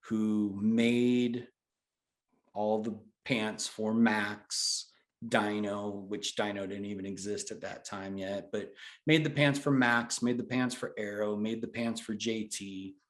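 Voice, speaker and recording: A man in his forties, a guest telling his story in an animated, casual way. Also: lowish voice. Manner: animated, swears then apologizes. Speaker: interview guest, brand founder.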